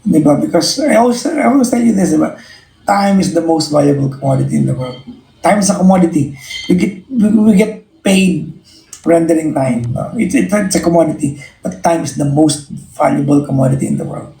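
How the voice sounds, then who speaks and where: A man's voice: a little high, fairly quick, creaky, mellow. Earnest Filipino man, roomy echo. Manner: earnest, reflective, often repeats and restarts phrases. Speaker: live-stream host. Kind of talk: casual live-stream chat to viewers.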